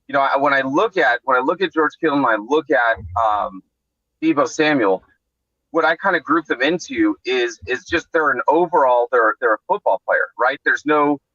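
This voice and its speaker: A man's voice: mid-range voice, moderate pace, pushed and bright, dry recording. A man on a remote call to a sports podcast, talking casually and rambling with many restarts, over a dull lo-fi connection.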